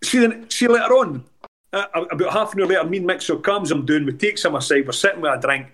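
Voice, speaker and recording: A man with a Scottish accent, a former footballer, telling animated stories as a podcast guest. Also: sits high, fast talker. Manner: animated, rambling anecdotes with many restarts. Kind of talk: casual storytelling in a podcast interview.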